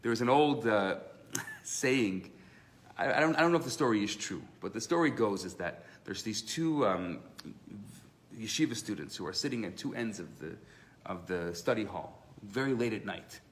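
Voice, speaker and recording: A man teaching a live class as a rabbi, telling stories with lively acted-out voices. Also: lowish voice, normal speed. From Canada. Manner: animated storyteller, acts out voices in his tales. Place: synagogue classroom.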